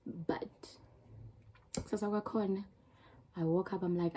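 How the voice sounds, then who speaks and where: A young woman with a South African accent tells her channel a rambling, emotional storytime, restarting often. Her mid-range voice is steady and mellow, a little slow with frequent pauses. The recording is rough, with slight background noise.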